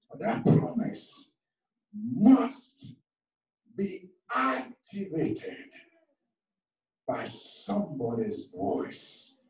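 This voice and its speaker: A man's voice: mid-range voice, warm tone. A man preaching a sermon with passion, calling on the congregation to answer him back. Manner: impassioned, calls for congregation responses. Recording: echoey hall from far off.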